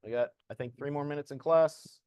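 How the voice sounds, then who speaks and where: Man, teacher, programming class, casual explaining, smooth clear voice, dry sound. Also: a little high, fairly quick, darkish tone, dry recording. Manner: casual, talks while demonstrating code.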